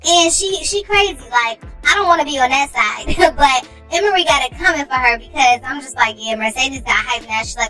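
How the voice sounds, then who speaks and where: High, bright woman with slangy game chatter. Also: normal speed, soft background music, low-quality recording. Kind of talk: casual game commentary.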